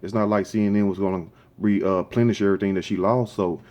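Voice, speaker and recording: Low, dark-voiced man ranting casually. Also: fairly even intonation, fast. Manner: rambling, conversational, opinionated. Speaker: show host. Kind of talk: casual commentary.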